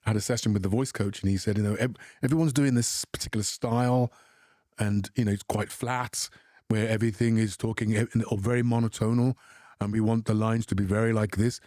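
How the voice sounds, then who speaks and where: Reflective British man with halting restarts. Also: on the low side, steady tone, warm tone, no room sound, clean studio sound. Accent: British English. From England. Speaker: actor guest. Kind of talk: interview answers.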